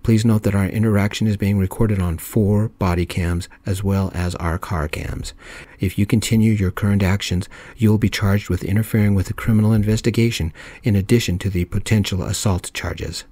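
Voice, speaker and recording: A stern male police officer laying out the law in a steady, formal way, as a soft-spoken storyteller puts him on. The voice sits very low and mellow. The recording is close and dry. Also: a little fast, dry recording, close to an everyday voice. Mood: firm. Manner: formal, steady, reads out rules.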